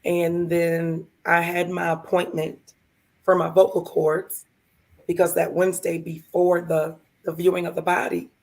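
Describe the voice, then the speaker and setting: Gravelly-voiced woman telling a personal story. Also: lowish voice, completely flat delivery, unhurried, a little mellow. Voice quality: gravelly, hoarse from vocal cord lesions. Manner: emotional, heartfelt, voices others in her story. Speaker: podcast co-host. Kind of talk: personal storytelling on a live show.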